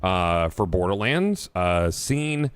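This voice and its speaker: A man's voice: low-pitched, sing-song, slow pace, clean tone. A man streaming a video game, chatting casually and swearing in loose, rambling talk with restarts at a desk microphone. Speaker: gaming streamer. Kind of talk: casual livestream chat while gaming.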